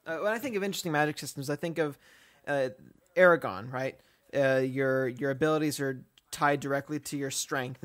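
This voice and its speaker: A man's voice: mid-range voice, no echo. A man co-hosting a podcast, talking casually in a rambling way with lots of fillers and restarts. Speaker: podcast co-host.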